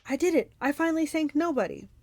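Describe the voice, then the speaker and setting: A woman's voice: fairly high pitch, animated, takes it slowly, vocal fry, darkish tone, exaggerated voice. A woman voicing a huge, brutish, one-eyed male Cyclops who bellows in broken, simple speech. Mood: roaring.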